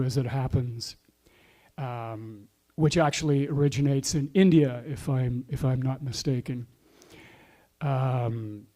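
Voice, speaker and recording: A man hosting an open mic, telling dry, deadpan jokes before introducing the next comic. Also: medium pitch. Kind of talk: stand-up and emcee introduction.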